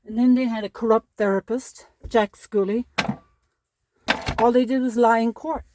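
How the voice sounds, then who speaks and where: A woman's voice: on the high side, fairly even intonation, normal speed, background noise. A woman speaking a personal monologue to camera as a parent, upset and pleading, repeating herself.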